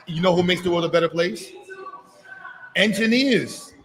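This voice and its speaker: A man's voice: high-pitched, moderate pace, long pauses, background noise. A man hosting a live expo, coaxing a child with playful, hype-filled encouragement. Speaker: event host. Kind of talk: energetic live event hosting.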